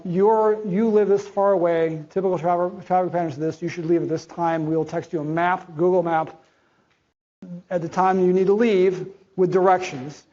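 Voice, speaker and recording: A man's voice: high voice, darkish tone. A middle-aged man giving a conversational conference presentation. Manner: conversational, acts out quoted dialogue. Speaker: conference speaker. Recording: dull lo-fi audio.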